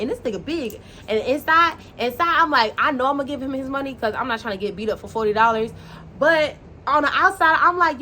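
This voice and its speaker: A woman vlogger telling a dating story in a blunt, profane, animated way, acting out the dialogue as she goes. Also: high-pitched, quick pace. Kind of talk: casual storytime monologue. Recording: faint background noise.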